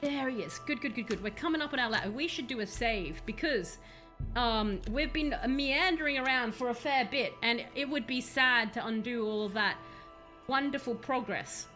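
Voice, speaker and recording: A woman's voice: fairly high pitch, moderate pace, sharp tone, faint music behind. A young woman streaming a video game, chatting casually with playful, rambling jokes. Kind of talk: casual live-stream chat while playing.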